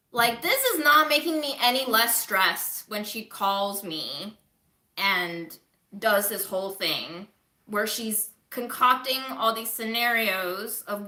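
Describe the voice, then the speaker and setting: A woman chats candidly to her livestream viewers from her home kitchen, in an unhurried, drawn-out way. Her voice is very bright and sits a little high. The room is echoey around her. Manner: chatty, candid, swears casually. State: recovering from covid. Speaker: livestreaming vlogger. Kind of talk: casual livestream chat to viewers.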